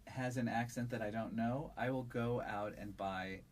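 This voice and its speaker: A man who narrates audiobooks, answering interview questions in a relaxed, thoughtful way with a resonant voice and frequent fillers. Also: mid-range voice, normal speed. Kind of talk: conversational interview.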